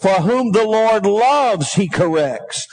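A middle-aged man preaching with a notably high voice, urging the congregation to answer him. He mixes scripture with folksy, homespun asides. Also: lively intonation, takes it slowly. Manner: calls for congregation responses; folksy storytelling, drops to a low aside. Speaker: pastor. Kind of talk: sermon.

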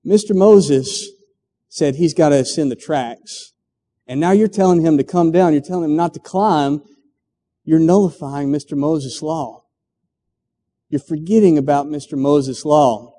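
A man's voice: fairly high pitch, measured pace, mellow. A man preaching, voicing a bystander who protests and accuses another man of breaking the law. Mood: indignant. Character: indignant objecting man. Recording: long hall reverb.

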